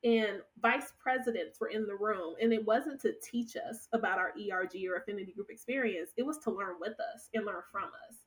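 A woman in her thirties telling stories from her work as a podcast guest, animated and laughing often. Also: mid-range voice, brisk, few pauses, distant mic, low-quality recording. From United States. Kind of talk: conversational storytelling.

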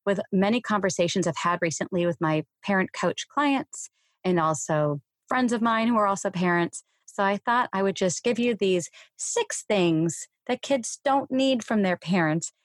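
A woman hosting a solo parenting podcast, calmly explaining and modelling phrases parents can say to their children. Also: mid-range voice, normal speed, dry recording, studio quality. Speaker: podcast host and parent coach. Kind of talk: solo podcast advice talk.

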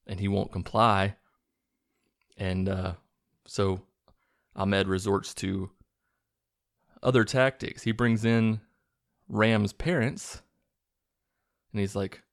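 A man casually recapping a movie plot with a sarcastic edge, acting out the characters' lines in quick bursts. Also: on the low side, steady tone, dry recording, clean studio sound. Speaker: movie reviewer recapping a film.

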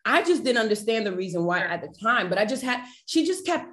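Animated woman telling her faith story. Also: fairly high pitch, fast talker. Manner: animated, emotional, acts out quoted voices; faith testimony, addresses listeners directly. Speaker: podcast guest. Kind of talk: personal storytelling in conversation.

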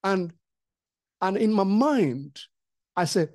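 A pastor sharing a testimony in a podcast conversation, animated and acting out the voices in the story. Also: medium pitch, a little slow, long pauses, no echo, clean studio sound. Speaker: pastor and co-host.

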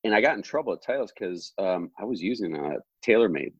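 A man's voice: on the low side, fast talker, slightly rough, no room sound, lo-fi sound. A middle-aged man, a golf coach telling stories in casual chat and acting out what other people said. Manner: animated, acts out quoted voices.

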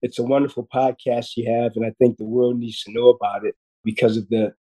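A man's voice: mid-range voice, flat delivery, fairly quick, dark tone, husky, low-quality recording. A man in his fifties, a podcast guest, telling a personal story in an earnest way, often repeating words as he goes. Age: 50s. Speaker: guest surgeon.

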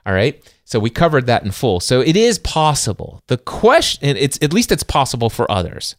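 A man's voice: mid-range voice, very animated, moderate pace, no echo. A middle-aged man co-hosts a casual podcast in an earnest, faith-driven way. He leans hard on key words and acts out his own inner voice. His mid-range voice sounds dry and close. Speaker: podcast co-host. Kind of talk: casual book-discussion podcast.

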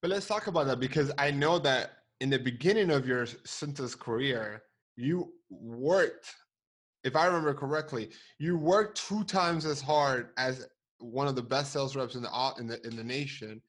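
A man's voice: medium pitch, normal speed, fairly bright tone. A man hosting an interview, asking long, eager, leading questions. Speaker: podcast host. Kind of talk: casual interview.

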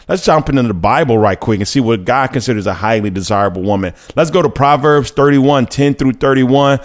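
A young man hosting a casual talk about dating and faith, chatty and joking, often correcting himself mid-sentence and acting out quotes. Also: mid-range voice. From Louisiana, United States. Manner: chatty and self-correcting, jokes and acts out quotes. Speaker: host.

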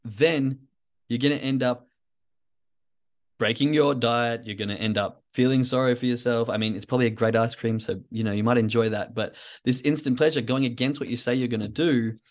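A man at a middling pitch hosting a solo podcast. He rambles and reflects and coaches himself aloud as he talks things through. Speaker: podcast host.

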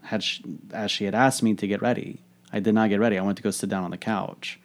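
Low-voiced man telling a frank story. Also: fairly even intonation, quick pace. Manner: frank and reflective, swears freely. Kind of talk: candid personal storytelling monologue.

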